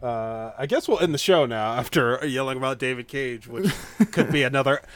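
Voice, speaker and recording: Male podcast host, animated, filler-heavy casual talk. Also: medium pitch, moderate pace, dry recording.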